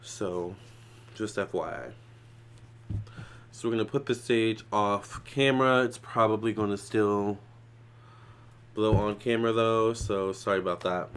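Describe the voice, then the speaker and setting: A man's voice: fairly low pitch, unhurried, pauses often, clear, resonant tone. Chatty man doing a tarot reading. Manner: chatty, loose, with many fillers and restarts; prays softly. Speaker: tarot reader. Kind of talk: casual psychic tarot reading.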